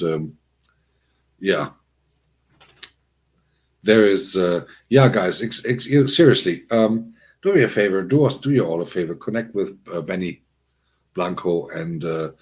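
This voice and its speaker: Chatty man hosting a livestream, low voice. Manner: chatty, rambling storyteller with many fillers. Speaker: livestream host. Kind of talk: casual livestream chat.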